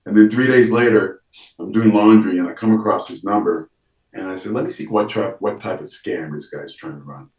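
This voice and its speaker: A man with a low-pitched voice tells a lively story in a casual interview, playing out the lines of the people he met. His voice sits in a roomy, echoing space. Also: a little fast, far from the mic. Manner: animated storyteller, acts out quoted dialogue, frequent restarts. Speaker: actor, interview guest.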